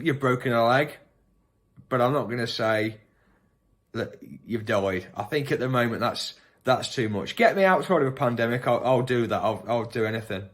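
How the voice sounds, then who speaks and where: A man with a Birmingham accent pitching a prank-call service in a rambling, self-correcting comic way. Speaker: comedian offering a prank call.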